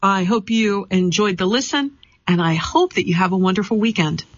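A radio reading service host reads a printed interview aloud, questions and answers alike. The delivery is even and measured. The sound is muffled and lo-fi, and the booth is dry. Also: medium pitch, no room sound. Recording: dull lo-fi dry studio sound.

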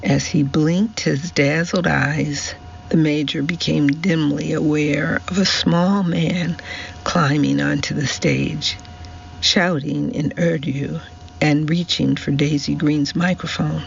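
A man narrating a novel for a radio reading service in a measured storytelling manner. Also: on the high side, steady tone, creaky. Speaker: audiobook narrator. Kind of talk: scripted narration. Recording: slightly muffled with faint hiss.

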